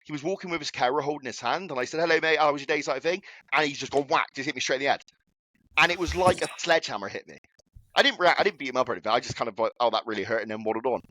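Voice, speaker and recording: A man's voice: mid-range voice, rapid-fire. A young man telling a story in casual chat, swearing freely as he talks. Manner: swears a lot, animated anecdote telling. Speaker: podcast co-host.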